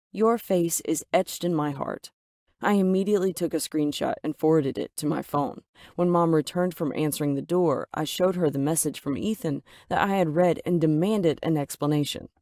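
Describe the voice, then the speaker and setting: A woman narrating a first-person story with dramatic, expressive delivery. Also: sits low, no echo, clean studio sound.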